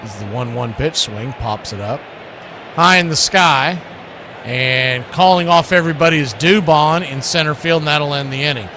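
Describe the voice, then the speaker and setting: Bright-voiced baseball play-by-play man. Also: normal speed, a little hiss or hum. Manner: chatty, opinionated between pitches. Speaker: radio baseball play-by-play host. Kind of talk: live baseball play-by-play commentary.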